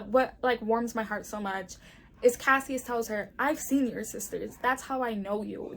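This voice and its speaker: A young woman chatting casually in a book review vlog, often saying "like" and acting out the characters' lines. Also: a little high. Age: young adult.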